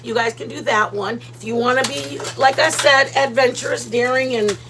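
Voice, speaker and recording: A woman hosting a casual cooking livestream from her home kitchen, chatty and playful, greeting viewers by name with loud excited bursts. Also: fairly high pitch, moderate pace, over music, poor audio.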